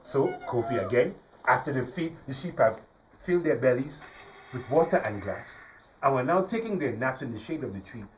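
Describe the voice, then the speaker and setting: Man, live storyteller, animated swooping pitch, playful, studio audience, distant mic. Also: moderate pace, a little hiss or hum. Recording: voice from a distance, faint ambience.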